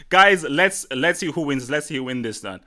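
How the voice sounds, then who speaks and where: A man's voice: a little high, expressive, measured pace, bright, forceful tone. A man hosting a casual live stream, competitive and joking, who often repeats himself. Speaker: channel host.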